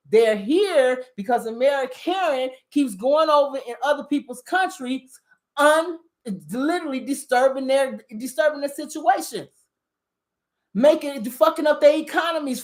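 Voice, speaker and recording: A woman giving a heated, profanity-laced rant on current events, combative and emphatic as she talks straight to her viewers. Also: high-pitched. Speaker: spiritual commentator on current events.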